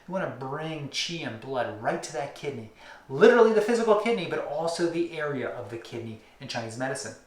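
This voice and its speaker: A man's voice: a little high, sing-song, echoey room. A man teaching acupuncture technique in an instructional demonstration, stretching out repeated words and dropping to near-whispers. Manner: rhythmic, drawn-out emphasis, drops to near-whispers on repeated words.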